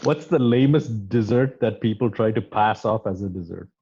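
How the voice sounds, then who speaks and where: A man hosting a casual interview, reading off quick questions and hesitating often between phrases. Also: fairly low pitch, warm tone, husky, lo-fi sound. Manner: hesitant, many fillers and restarts. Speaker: interview host.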